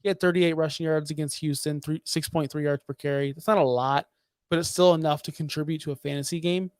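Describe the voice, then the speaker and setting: A man's voice: fairly high pitch, fairly even intonation, quick pace, clean tone, no room sound, clean studio sound. A man co-hosting a fantasy football podcast, talking in a fired-up, emphatic, ranting way. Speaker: podcast co-host. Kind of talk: heated fantasy football talk.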